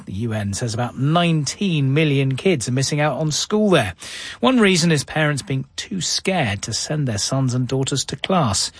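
Brief: male news anchor, animated intonation, slightly husky, dry close sound. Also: medium pitch, dry recording. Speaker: news presenter. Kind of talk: scripted news presenting.

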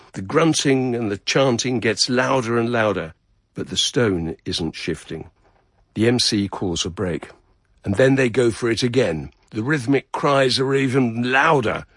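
A man narrating a radio feature in a measured, descriptive way. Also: lowish voice, slightly rough, no room sound, clean studio sound. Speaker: radio reporter.

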